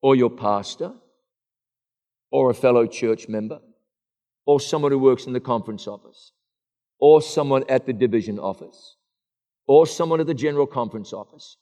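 A man's voice: medium pitch, moderate pace, pauses often, mellow. A middle-aged man preaching a sermon in an earnest, rhetorical style, addressing the congregation directly. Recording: long echo of a large hall.

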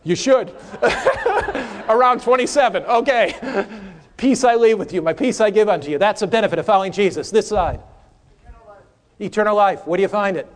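A man's voice: high-pitched, fairly quick. A man, a pastor, teaching a sermon class and asking the audience questions. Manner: animated, asks the audience questions. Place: hall with a live audience.

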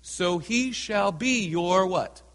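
Guy preaching a sermon, kinda high voice, acts out the bible people, big echoey church. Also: animated, a bit bright. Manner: reads scripture slowly and dramatically, voices characters in asides. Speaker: pastor. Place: church sanctuary. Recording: hall with long reverb.

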